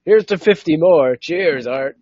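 A man's voice: on the high side, lively intonation, unhurried, a little mellow, no room sound, lo-fi sound. A man hosting a podcast in casual, easygoing chat who keeps steering the conversation back on track. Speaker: podcast host.

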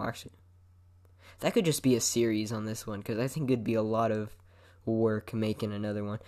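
A young man with a fairly low, slightly mellow voice rambles through a solo podcast monologue. He's laid-back and frequently swears, and his head moves around the microphone as he talks.

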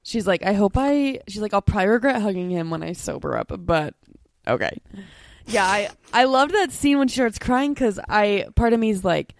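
A young woman co-hosting a casual chat, talking fast with lots of "like" and little laughs. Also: mid-range voice, lively intonation, no room sound. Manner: chatty, quick, full of "like" and little laughs. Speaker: co-host.

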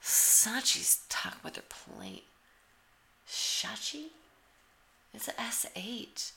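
Gravelly, sarcastic woman commentator. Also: medium pitch, huge pitch swings, slow, bright, forceful tone, in a whisper. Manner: sarcastic, teasing asides. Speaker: comedic commentator. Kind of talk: mock play-by-play over a cooking show.

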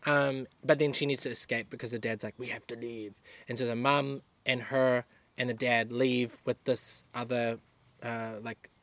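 A man's voice: mid-range voice, level tone, normal speed, a bit bright, no echo. A young man, co-hosting a casual podcast outdoors in a garden and retelling a film plot with lots of fillers. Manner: rambling storyteller, many fillers. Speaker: podcast co-host. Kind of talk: casual chat.

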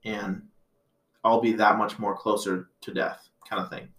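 A man's voice: lowish voice, flat delivery, a little slow, fairly bright tone. A man in his thirties hosting a casual podcast chat, reflective and rambling, with plenty of filler words. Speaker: podcast host. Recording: roomy echo.

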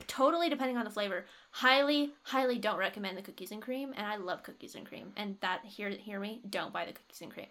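Young woman cohost, bright voice kinda high, chatty and opinionated, jokes a lot. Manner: chatty, opinionated, jokey, laughs often. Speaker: podcast co-host. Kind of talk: casual chat and product review.

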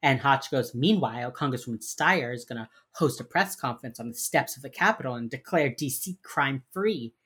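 A woman's voice: a bass voice, lively intonation, normal speed, few pauses, fairly bright tone, husky. A woman co-hosting a casual chat, animatedly acting out lines from a TV show and swearing freely. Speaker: podcast co-host recapping a TV crime drama.

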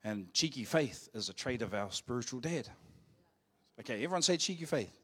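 A man's voice: medium pitch, expressive, brisk, a bit bright, breathy edge. A man with a New Zealand accent, a pastor preaching a live church sermon, telling a personal story in a jokey, playful way and getting the congregation to call out phrases. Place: church service.

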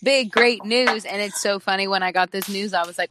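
A woman in her twenties co-hosting a podcast, talking in a bubbly, excitable way. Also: medium pitch, a little hiss or hum. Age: 20s. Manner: bubbly and excitable, quick to laugh. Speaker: podcast co-host. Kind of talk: casual podcast chat.

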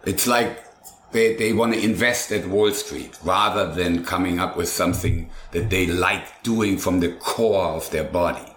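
Older man, food truck chef, low-pitched, rambling and enthusiastic, roomy echo, faint background hum. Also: a little slow, fairly bright tone. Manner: rambling, enthusiastic, lists dishes step by step. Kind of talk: casual interview chat.

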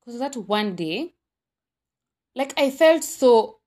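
A woman's voice: fairly high pitch, lively intonation, slow, a little mellow. A young woman with a Kenyan accent hosting her own podcast, talking candidly in a rambling, casual monologue full of fillers and self-corrections. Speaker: podcast host.

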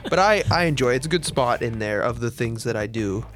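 Laid-back man, halting casual talk. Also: mid-range voice, lively intonation, a bit bright, soft background music. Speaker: podcast co-host. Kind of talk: casual podcast chat.

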